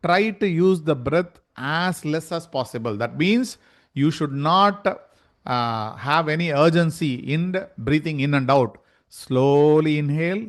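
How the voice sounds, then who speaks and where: A man, teaching yoga in an online lecture and asking rhetorical questions as he explains. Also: fairly high pitch.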